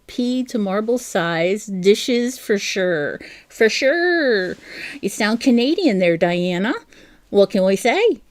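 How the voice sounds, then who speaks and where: A woman's voice: medium pitch, a little mellow, dry recording. A middle-aged woman hosting a live crochet stream, chatting casually and reading viewer comments aloud.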